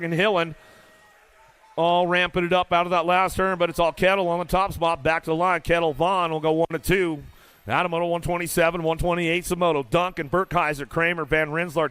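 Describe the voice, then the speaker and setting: A man announcing live BMX races in an indoor arena, rattling off riders' names in rapid play-by-play with casual, folksy banter. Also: high voice, fairly bright tone, smooth, no echo. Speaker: race announcer. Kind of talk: live BMX race commentary.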